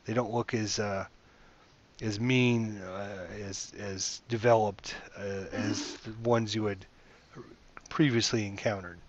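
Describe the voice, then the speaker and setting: A man's voice: fairly low pitch, fairly even intonation, takes it slowly, dull audio, a little hiss or hum. A man narrating a tabletop game as game master, meandering and hesitant, with many fillers, heard over voice chat.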